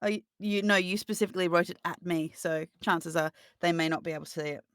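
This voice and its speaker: A woman's voice: lowish voice, fairly even intonation, quick pace, clean tone, no echo, clean studio sound. A woman narrating and refereeing a tabletop role-playing game in a playful way. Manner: playful, laughs often. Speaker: game master.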